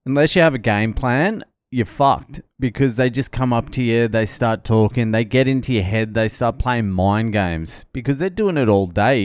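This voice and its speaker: A man's voice: fairly low pitch, no echo, clean studio sound. A middle-aged man swearing freely as he recounts a stressful arrival in a casual travel vlog. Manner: swearing, animated storytelling. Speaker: vlogger.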